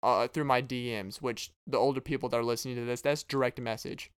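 A man's voice: medium pitch, steady tone, quick pace, clear, resonant tone. A man hosting his own podcast as a stand-up comedian, rambling and joking straight to his listeners. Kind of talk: casual comedic monologue.

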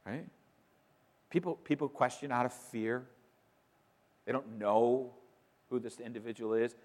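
A man preaching a sermon, emphatic, moving between loud declarations and quiet, conversational asides. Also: medium pitch, measured pace, long pauses. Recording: long reverb of a large hall.

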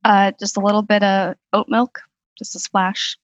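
Deadpan woman firing blunt questions. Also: medium pitch, moderate pace, no room sound, highs cut off. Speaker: podcast guest. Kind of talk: improv comedy banter.

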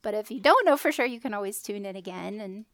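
A woman co-hosting a podcast, explaining ideas thoughtfully step by step, often trailing off softly. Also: mid-range voice, expressive, fast, dry recording, studio quality. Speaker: podcast co-host. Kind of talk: casual spiritual chat.

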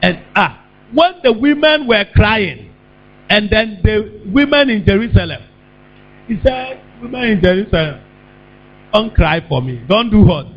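A man preaches in a high, widely swinging voice, taking his time and drawing words out. He throws questions to the congregation and now and then breaks into a shout. The recording is dull and lo-fi, with a steady mains hum underneath. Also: unhurried. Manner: call-and-response preaching, bursts of shouting. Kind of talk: sermon.

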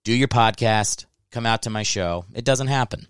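A man's voice: mid-range voice, moderate pace, smooth, dry recording. A man in his thirties from Ohio, a comedian hosting his podcast alone and talking close to the mic in a rambling, joking, profane way. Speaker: podcast host and stand-up comedian. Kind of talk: casual solo podcast monologue. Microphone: close microphone.

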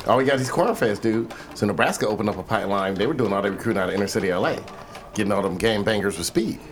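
Loud profane man telling stories. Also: lowish voice, racing, a little hiss or hum. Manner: loud, profane, animated storytelling. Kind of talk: casual chat.

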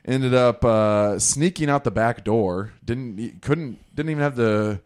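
A man's voice: mid-range voice, measured pace, darkish tone, clear, resonant tone. A young man casually telling a rambling, profane, self-deprecating story in a podcast chat.

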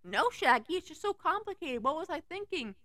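A woman voicing a weary, fragile young female cartoon sleuth who speaks quietly. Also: very high voice, very animated, a little fast, dry recording, studio quality, voice pushed up, full character voice. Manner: quiet, subdued.

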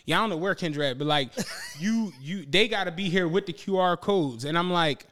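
A male podcast co-host spinning a long, animated tale in casual banter. His voice sits fairly high for a man, and he swears freely, laughs through his own punchlines and acts out everyone's lines. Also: brisk. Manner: animated, profane, laughs often, acts out quoted dialogue. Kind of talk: casual storytelling chat.

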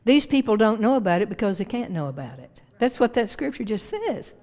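A woman pastor preaching a sermon to her church with emphatic swings in pitch and volume. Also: big pitch swings, brisk. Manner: emphatic preaching with big rises and drops in pitch and loudness. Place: church sanctuary. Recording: long reverb of a church hall.

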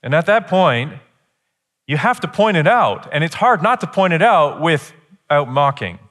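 A man preaching a sermon, retelling a scripture story with lively, animated delivery and acted-out quotes. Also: a little slow, long reverb tail. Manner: animated storytelling, acts out quotes with rising pitch. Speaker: pastor.

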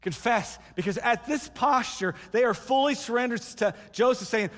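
Pastor, male, high voice, lively storyteller who acts out quotes, hall reverb. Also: a little fast, hardly any pauses. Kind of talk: sermon.

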